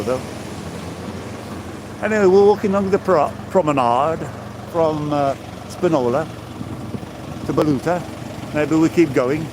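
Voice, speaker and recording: In a slightly high voice over a noisy background, a sixty-something man from England talks casually to his live-stream viewers. He greets them by name while walking along the seafront promenade.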